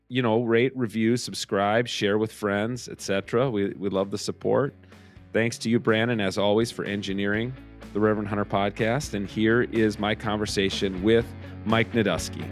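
A man's voice: lowish voice, steady tone, moderate pace, soft background music. A middle-aged man hosting a podcast from his home, chatting casually and rambling with restarts. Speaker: podcast host. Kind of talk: casual chat. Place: room at home.

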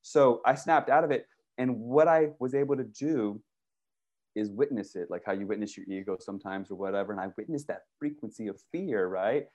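A man talking casually and excitedly, rambling through stories with many restarts, swearing and saying "dude" and "bro". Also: on the low side, fairly quick. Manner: profane, uses "dude" and "bro". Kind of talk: casual conversation.

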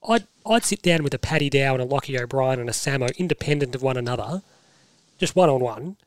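An Australian man hosting a casual sports podcast, animated and forceful, repeating himself for emphasis. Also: medium pitch, fast. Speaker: podcast host.

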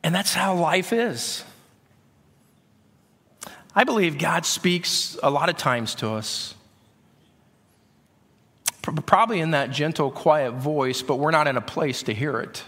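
A middle-aged male pastor preaching in a loose, conversational way, doubling back on his words. His voice sits a little high and sounds bright. The sound rings with the long reverb of a church hall. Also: expressive, slow pace, long pauses, husky. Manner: conversational, often repeating words. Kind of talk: sermon. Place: church sanctuary.

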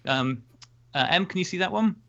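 Gravelly man on a dull remote podcast call. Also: high-pitched, expressive, moderate pace, bright, forceful tone. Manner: chatty and joking, with fillers. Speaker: podcast co-host. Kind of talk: casual podcast chat reviewing photos.

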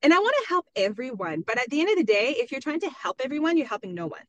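A middle-aged woman talking frankly in a casual podcast chat, animated and full of "like" as she tells stories. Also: high-pitched, very fast. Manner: frank, animated storytelling with lots of "like". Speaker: podcast guest. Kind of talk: casual conversation.

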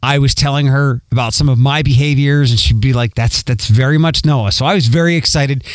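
A man's voice: medium pitch, brisk, no room sound. A man from Philadelphia with a light Philadelphia accent, hosting a podcast in a rambling, casual monologue with many ums. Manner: rambling, with frequent ums and repeats. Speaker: podcast host.

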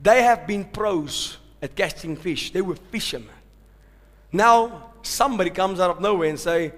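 A man preaching a sermon in a high, bright, forceful voice. He drops to hushed, slow lines, then climbs to loud shouted peaks, calling out to the people in front of him. A long reverb trails each phrase through a large hall. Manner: swings from hushed to shouting, with call-outs. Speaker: pastor.

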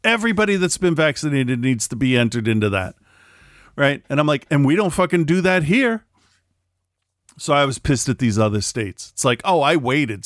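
A man's voice: a little high, no room sound. Profane, ranting middle-aged man, dry sound. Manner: animated ranting, profane, mimics people in quotes. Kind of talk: casual chat.

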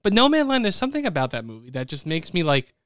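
Fast-talking, smooth-voiced male podcast host. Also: on the high side, dry recording, studio quality. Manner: fast, animated, announces nominees. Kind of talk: casual podcast chat.

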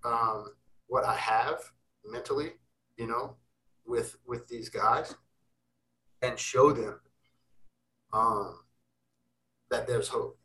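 Young man, interview guest, intense and cussing, bright tense tone, set back from the mic. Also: mid-range voice, steady tone, takes it slowly, pauses often, recorded from a distance, rough recording. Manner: intense, emphatic, swears freely. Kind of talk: casual interview talk.

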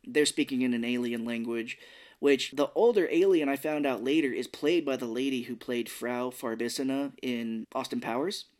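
A man's voice: mid-range voice, normal speed, darkish tone. A man co-hosting a podcast, chatting casually about a movie and acting out lines in silly voices. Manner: rambling, acts out quotes in silly voices. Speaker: podcast co-host. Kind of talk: casual movie-review chat.

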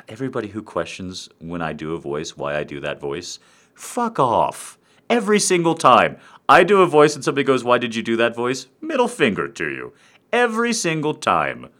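A man's voice: mid-range voice, huge pitch swings, moderate pace, fairly bright tone. A man giving a crude, rambling, self-mocking comic monologue to a live online audience.

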